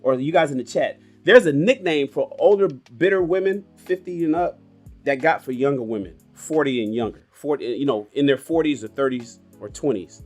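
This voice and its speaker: A man in his forties hosting a casual livestream podcast, telling stories in a blunt, animated and profane way. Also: medium pitch, normal speed, soft background music. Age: 40s. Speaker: podcast host.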